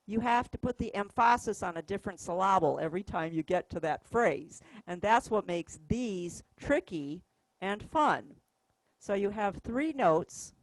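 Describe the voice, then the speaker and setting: In a music store classroom, a woman leads a music workshop, patiently explaining rhythms by counting and singing the notes aloud. Her voice sits at a medium pitch, and the rough recording has no room sound.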